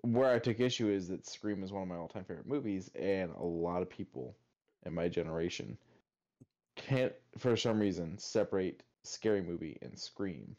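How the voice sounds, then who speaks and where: Low, mellow-voiced podcast co-host. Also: male voice, expressive, moderate pace, highs cut off. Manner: laid-back, storytelling with casual swearing. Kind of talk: casual chat.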